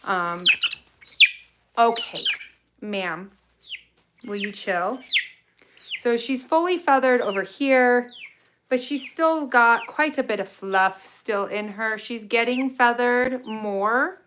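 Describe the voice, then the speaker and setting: A woman's voice: on the high side, animated, slow, pauses often, background noise. A woman who keeps a flock of poultry, chatting casually and explaining things in a matter-of-fact way. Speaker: backyard poultry keeper. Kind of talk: casual chat while tending birds.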